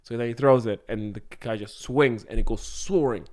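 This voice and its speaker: A man's voice: mid-range voice, moderate pace, a little mellow. A man co-hosting a comedy podcast, casually improvising a scene and laughing often. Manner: casual, laughs often, acts out lines in goofy voices.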